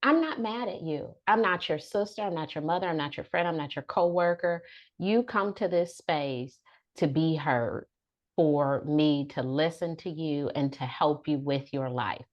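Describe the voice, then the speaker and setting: A woman's voice: low voice, unhurried, muffled recording. A woman therapist and author guesting on a podcast, speaking directly and animatedly, often acting out exchanges with her clients. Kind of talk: casual podcast interview.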